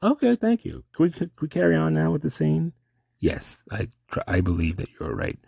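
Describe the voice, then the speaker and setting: A man's voice: a little high, wildly swooping pitch, moderate pace, vocal fry, darkish tone, breathy edge, dry recording, studio quality. A man in a rambling, improvised comic monologue, often losing his train of thought and trailing off.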